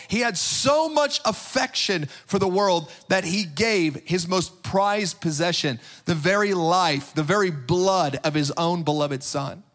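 A man preaching with fervor and emphasis, stacking repeated phrases one after another. His voice sits high for a man, and he takes his time, letting each line land slowly. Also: a bit bright. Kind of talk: sermon.

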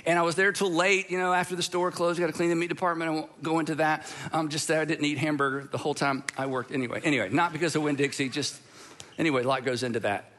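A middle-aged pastor from Georgia delivers a sermon in a high, bright voice. He tells personal stories in an easy, conversational way, dropping in self-deprecating asides. His tone stays chatty and relaxed from start to finish. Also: quick pace, slight background noise. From Georgia, USA.

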